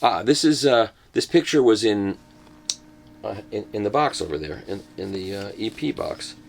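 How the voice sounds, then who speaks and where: An older man talks casually as he unboxes a set of records, tossing off jokes at his own expense as he goes. His voice is low and carries a gravelly edge. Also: animated, moderate pace. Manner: joking, self-mocking asides. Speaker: host reviewing a record box set.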